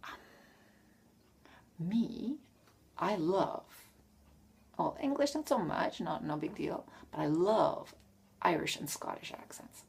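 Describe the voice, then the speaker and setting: Frank, rambling woman vlogger; low voice, plenty of fry. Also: sing-song, slow pace, pauses often, darkish tone, whispered. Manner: frank, self-correcting, trails off. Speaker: vlogger answering tag questions. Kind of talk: casual rambling monologue.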